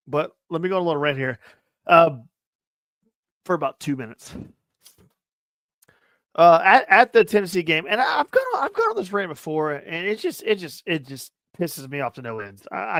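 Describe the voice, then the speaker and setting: A young man co-hosting a casual sports podcast, ranting loudly and profanely with a lot of repetition. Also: on the high side, expressive, normal speed, no echo. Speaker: podcast co-host.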